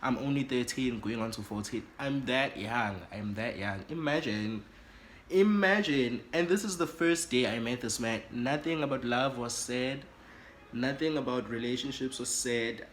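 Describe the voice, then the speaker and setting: Dramatic storytime vlogger. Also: male voice, normal speed, a little hiss or hum. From South Africa. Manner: animated and dramatic, swoops high in pitch for effect. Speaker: YouTuber. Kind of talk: storytime vlog.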